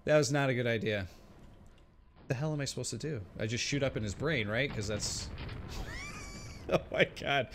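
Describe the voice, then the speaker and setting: A man's voice: mid-range voice, fairly quick, fairly bright tone, slight background noise. A man streaming a game and chatting with viewers, often exclaiming and laughing as he plays. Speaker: gaming streamer. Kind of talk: let's play commentary.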